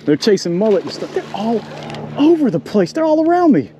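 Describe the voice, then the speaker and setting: Male fishing vlogger, excitable outdoor commentary, a bit high and very animated, action-cam sound. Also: brisk, slight background noise. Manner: excitable, talks to the animals and the viewers. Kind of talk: casual running commentary while fishing. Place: small boat in a marsh bayou outdoors. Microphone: action camera mic.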